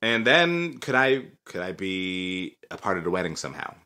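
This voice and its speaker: A man's voice: sits low, normal speed. A man co-hosting a comedy podcast, chatting playfully and joking around. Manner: playful, lively delivery. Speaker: podcast co-host. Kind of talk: casual comedic chat.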